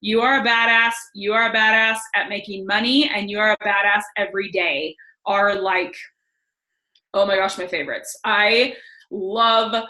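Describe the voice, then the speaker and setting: A woman's voice: mid-range voice, fairly even intonation, normal speed, pushed and bright. A young woman giving a casual motivational talk on a team call, enthusiastic and chatty, with many "like" fillers. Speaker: guest speaker on a team call. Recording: echoey room.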